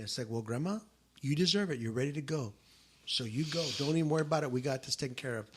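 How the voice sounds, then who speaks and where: A man's voice: mid-range voice, quick pace, fairly bright tone, breathy edge. A middle-aged man in casual podcast chat, telling a personal story and voicing the people in it. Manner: storytelling, acts out quoted relatives. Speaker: podcast co-host.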